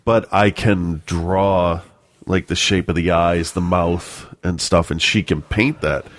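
A man's voice: low-pitched, fairly even intonation, slow, dry recording. A man in his thirties chatting casually as a podcast co-host, telling rambling, profane stories. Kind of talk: casual chat.

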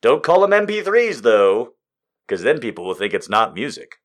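Animated swearing man ranting about movies. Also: mid-range voice, moderate pace. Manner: animated, swearing, swings between loud outbursts and muttered asides. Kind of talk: casual comedic monologue.

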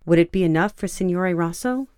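A woman voicing a nervous, awkward young woman scribe who speaks in a halting, low-key way. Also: darkish tone, smooth, no echo, studio quality, natural voice.

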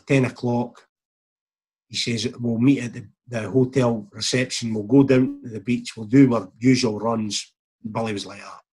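A middle-aged Scottish man, once a footballer, tells a rambling anecdote in a mid-range voice with a breathy edge. He chuckles along and acts out what others said in reported speech, casual storytelling throughout.

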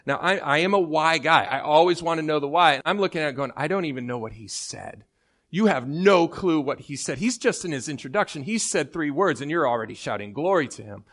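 A middle-aged man from Michigan with an American accent, preaching a sermon in an animated, jokey way that swings from soft asides to loud outbursts. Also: on the high side, brisk, few pauses. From Michigan, United States. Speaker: guest preacher.

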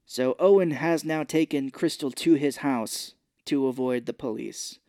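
A man's voice: mid-range voice, unhurried, warm tone, no room sound, clean studio sound. A man co-hosting a podcast, casually recapping a film's scenes and acting out the characters' lines. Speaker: podcast co-host. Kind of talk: casual movie recap chat.

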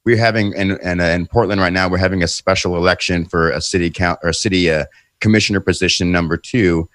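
A man's voice: sits low, fairly even intonation, quick pace, fairly bright tone, no echo, clean studio sound. A man from Oregon talking emphatically and indignantly in a casual chat.

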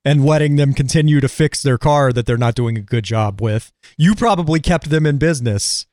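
A man's voice: medium pitch, fairly quick, darkish tone, no echo. A man co-hosting a podcast, teasing his partner with dry, sarcastic remarks. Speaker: podcast co-host. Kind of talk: casual chat.

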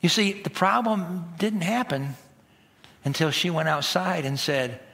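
A man's voice: fairly high pitch, animated, a little slow, creaky, sharp tone. A middle-aged man preaching a sermon, telling stories animatedly and acting out the voices of the people in them. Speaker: pastor.

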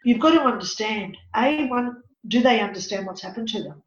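Woman, higher voice, dramatic storyteller, echoey room, dull lo-fi sound. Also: animated, brisk. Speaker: psychic medium and counsellor. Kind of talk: storytelling in an interview.

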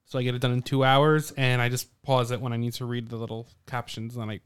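A man's voice: medium pitch, little pitch movement, fast, clear, resonant tone. A man in casual film chat, giving dry, matter-of-fact remarks. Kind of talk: casual chat about films.

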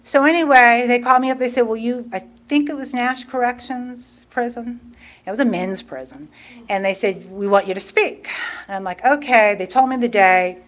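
A middle-aged woman sharing her recovery story in a casual, animated way, acting out quoted dialogue and laughing often. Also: fairly high pitch, normal speed. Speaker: guest speaker.

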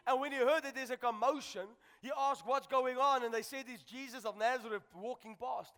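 A man preaching with a very high, bright voice, shouting and fervent as he repeats his lines. He is in a large church hall, and the long reverb rings out behind every phrase. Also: steady tone, fairly quick. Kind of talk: sermon.

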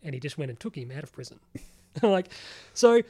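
Podcast co-host, man, slightly high-pitched, chatty and animated, swears casually. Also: brisk. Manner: rambling, animated, swears freely, lots of "like". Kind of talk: casual chat.

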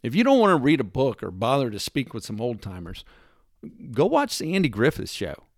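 An American commentator delivers an emphatic, sarcastic opinion monologue in a mid-range voice with wildly swooping pitch and a brisk pace, recorded in a clean studio with no room sound. He lectures through rhetorical questions and mimics accents when quoting lines.

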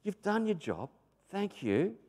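A man voicing God as a patient, firm presence who asks measured, reproving questions. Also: high-pitched, very animated, a little mellow, voice pushed up, exaggerated voice. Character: patient, firm divine male voice, gently reproving.

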